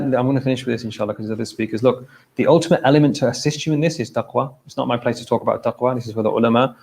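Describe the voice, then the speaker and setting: A man's voice: medium pitch, vocal fry, darkish tone. A man giving an informal, conversational sermon at a mosque, addressing the congregation directly and often checking in with "okay?". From England. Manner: conversational, direct, frequent "okay?" and "look", brief laughs. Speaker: speaker at a mosque event. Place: mosque hall.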